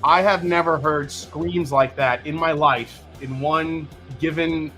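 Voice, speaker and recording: A middle-aged man hosts a relaxed live stream, his voice bright and forceful and pitched a little high. He jokes and swears freely as he chats. Faint music plays under the talk. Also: takes it slowly. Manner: animated, joking, swears casually. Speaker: livestream host. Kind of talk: casual live-stream chat.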